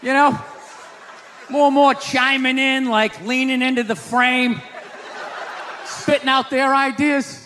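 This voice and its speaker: A man doing a stand-up comedy set on a stage before a live audience, ranting and often shouting his punchlines. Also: extremely high pitch, level tone, slow, long pauses. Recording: live show hall with crowd noise. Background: audience laughter and murmur.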